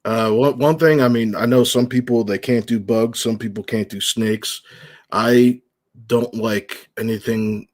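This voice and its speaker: A man's voice: medium pitch, fairly even intonation, a little slow, a little mellow. A man as a guest in a casual chat, talking in an easygoing, rambling way with many fillers. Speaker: guest, horror recap creator.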